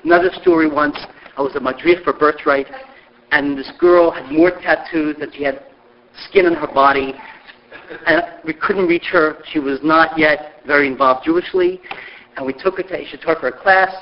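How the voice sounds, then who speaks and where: Animated high-voiced storytelling man. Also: normal speed, vocal fry. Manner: lively storyteller who acts out quoted voices. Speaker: speaker sharing memories of a mentor. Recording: dull lo-fi recording.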